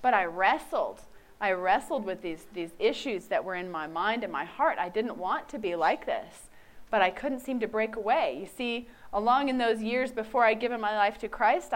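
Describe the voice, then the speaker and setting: A woman in her forties giving a candid, self-mocking personal faith testimony. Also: a little high. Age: 40s.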